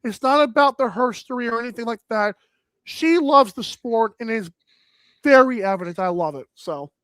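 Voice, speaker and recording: A man hosting a sports talk show, energetic and rambling with lots of filler words. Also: very high-pitched, normal speed, dry recording.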